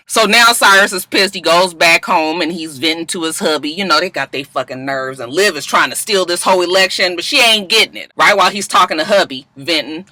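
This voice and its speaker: A man's voice: sits high, fairly quick, few pauses, sharp tone, poor audio. A man recapping a TV episode in casual commentary, slangy and profane, mimicking the characters as he goes. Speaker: TV recap vlogger.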